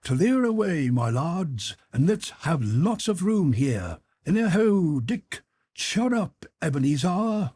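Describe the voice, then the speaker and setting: A man voicing a jovial, portly old employer in an audiobook, calling out loudly in a rich, hearty, raised voice. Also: very animated, slow, husky, full character voice. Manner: loud, booming calls.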